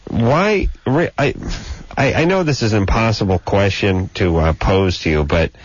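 A man's voice: lowish voice, moderate pace, breathy edge, no echo. A man hosting a call-in radio show, teasing callers in a joking, sarcastic way. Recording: dull lo-fi radio broadcast.

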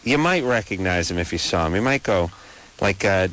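A man hosting a late-night radio call-in show, riffing sarcastically and rambling through jokes with quick asides. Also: low voice, animated, a bit bright, low-quality recording.

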